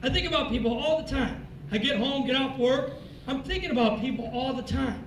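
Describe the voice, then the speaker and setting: A man giving an animated motivational speech, telling a story and acting out its dialogue. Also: extremely high pitch, brisk, echoey room, far from the mic, a little hiss or hum, rough recording. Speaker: military speaker.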